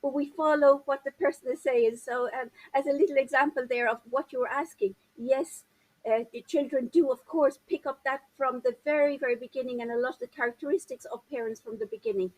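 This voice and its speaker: A woman's voice: high voice, steady tone, brisk, poor audio. A woman in her fifties, a parenting coach, talking animatedly and gesturing with her hands as she explains in an interview. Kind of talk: interview conversation.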